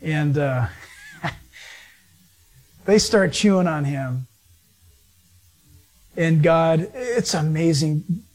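A man's voice: on the high side, very slow, pauses often, darkish tone. A man preaching a sermon in a folksy, conversational way, telling the story with humor and chuckles.

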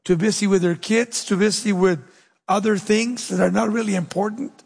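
A man with a high, husky voice preaches a sermon, pressing his points and sinking low and slow for weight. His voice rings out with the long echo of a large hall. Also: fairly even intonation. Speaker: pastor.

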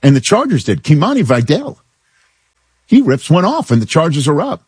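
A man hosting a sports talk show, giving opinions in an animated, incredulous way as he riffs with his co-hosts. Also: on the high side, normal speed, slightly rough, no room sound, clean studio sound.

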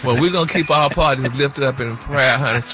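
A man's voice: mid-range voice, brisk, pushed and bright. A man hosting a playful gossip segment, calling everyone honey and baby. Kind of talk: playful radio show banter.

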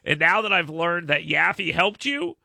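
A man in his thirties hosts a loose, chatty talk show in a rambling, self-mocking way. His slightly high voice has a gritty, fried edge and a very bright, sharp tone. The sound is close and dry. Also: big pitch swings, a little slow, vocal fry, no room sound. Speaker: radio show host. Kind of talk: casual chat with co-hosts.

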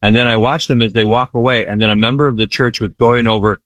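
A man's voice: medium pitch, fairly even intonation, fast, fairly bright tone, no echo. A man who works in disaster relief ministry, telling his story earnestly in an interview, repeating phrases for emphasis and often asking "right?".

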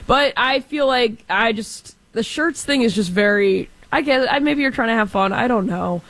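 A woman's voice: a little high, moderate pace, fairly bright tone, no room sound, rough recording. A woman in her twenties from Texas, chatting casually about sports and filling her talk with "like". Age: 20s. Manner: chatty, lots of filler "like".

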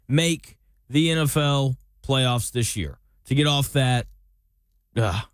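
A man's voice: fairly high pitch, no echo. A man hosting a casual sports talk show, chatting through team analysis with jokey comparisons and reading out listener questions. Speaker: sports podcast host.

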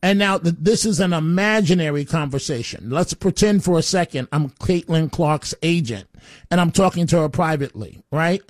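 A man's voice: fairly high pitch, moderate pace, no echo, studio quality. A man hosting a call-in talk radio show, rambling and opinionated, often stammering as he restarts his sentences.

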